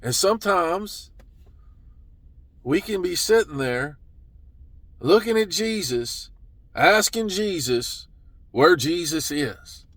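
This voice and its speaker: A man preaching a sermon, telling the story slowly and earnestly and sometimes dropping to a soft, hushed voice. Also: fairly high pitch, no room sound. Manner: slow, earnest storytelling with drops to a soft hush.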